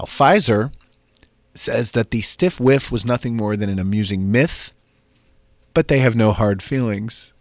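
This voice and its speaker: A man hosting a comedy podcast, telling bawdy stories in a lively, animated way with frequent laughs. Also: fairly low pitch, measured pace, dry recording. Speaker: podcast host. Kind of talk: casual comedic chat.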